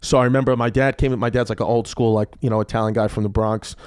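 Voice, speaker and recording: A man in his thirties, a comedian guest on a podcast, telling stories in a casual, animated and profane way. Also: on the low side, fast talker, smooth, dry recording, clean studio sound. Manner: animated, profane, loose with fillers. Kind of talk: casual storytelling.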